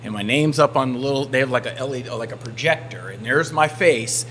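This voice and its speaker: Speaking at a fairly quick clip in a medium-pitched voice, a man from the American South recounts a podcast story and plays every character's lines. There's slight noise in the background.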